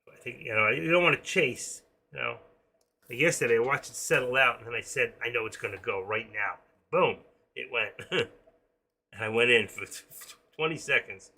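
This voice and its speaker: A man in his sixties, an excitable day trader who rambles through a casual live-stream commentary with pep-talk asides. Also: mid-range voice, normal speed. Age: 60s.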